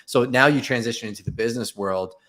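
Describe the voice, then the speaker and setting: A man's voice: mid-range voice, fast talker, fairly bright tone. A man hosting a podcast, giving short affirmations and reflective follow-ups to his guest. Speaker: podcast host. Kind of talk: conversational interview.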